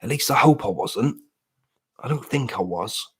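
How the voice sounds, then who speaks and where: A man's voice: mid-range voice, lively intonation, normal speed, breathy edge. A British man in his late thirties to forties, chatting casually and ramblingly to his live stream viewers, self-deprecating. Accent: British English.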